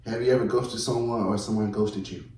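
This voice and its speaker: A man's voice: on the low side, fairly even intonation, a little fast, a little mellow, distant mic. A man hosting a casual podcast, blunt and slangy, talking straight to his listeners. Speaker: podcast host. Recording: roomy, from off mic.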